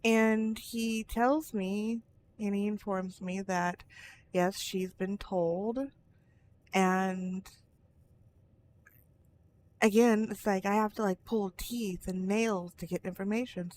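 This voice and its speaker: A woman's voice: medium pitch, a little mellow, slight background noise. A woman talking frankly in a personal vlog, rambling with restarts and tangents. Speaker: vlogger.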